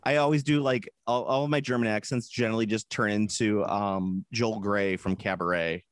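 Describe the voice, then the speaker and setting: A man co-hosting a podcast in casual chat, rambling and animated, often breaking into silly put-on voices. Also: fairly low pitch, moderate pace, no echo, clean studio sound. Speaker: podcast co-host.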